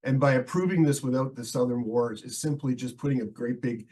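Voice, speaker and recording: A male town councillor speaking in a council debate, nursing a head cold and losing his voice, talking haltingly with many fillers and restarts. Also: medium pitch, darkish tone, low-quality recording. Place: council meeting.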